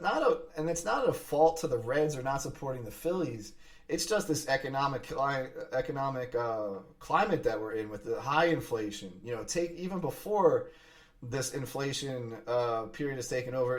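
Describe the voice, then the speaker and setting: Guy from philly rambling fast about his team, lots of restarts, sitting back off the mic. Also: mid-range voice, recorded from a distance. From Philadelphia area. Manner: fast, excited talk with frequent restarts and fillers. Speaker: sports podcast host. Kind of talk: casual sports chat.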